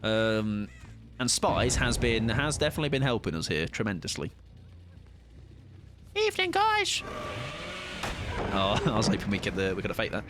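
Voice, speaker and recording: A man, chatting playfully while live-streaming a game and greeting viewers. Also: medium pitch. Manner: playful, chatty, jokey asides. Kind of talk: casual live-stream commentary.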